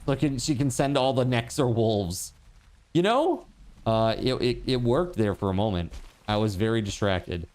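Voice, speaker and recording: A man's voice: lowish voice, normal speed, a little mellow. A man streaming a game, chatting casually and rambling to his viewers with lots of fillers. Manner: talks to chat viewers. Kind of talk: casual livestream chat while gaming.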